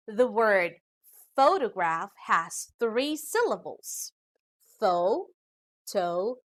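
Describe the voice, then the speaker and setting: A woman with a Filipino accent teaching an English lesson, saying example words slowly and clearly. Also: fairly high pitch.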